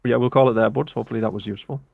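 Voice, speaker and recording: A British man coaching poker in a relaxed, step-by-step way over a video call. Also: medium pitch, rapid-fire, creaky, slightly rough, dry recording. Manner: relaxed, explains step by step with filler "yeah". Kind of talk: casual coaching explanation. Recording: tinny phone-like call audio.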